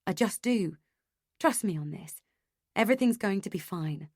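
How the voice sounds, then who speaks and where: A woman voicing a patient young husband who soothes his anxious partner in a gentle, steady way. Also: medium pitch, moderate pace, slightly rough, dry recording, clean studio sound. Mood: soothing.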